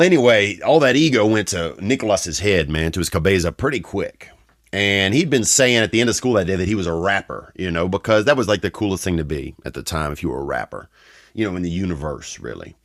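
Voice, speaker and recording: A man's voice: deep voice, fairly bright tone, no room sound, clean studio sound. A man with a Southern US accent telling a comic childhood story on his podcast, rambling and restarting his sentences with slangy asides. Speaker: podcast host. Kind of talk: comedic storytelling.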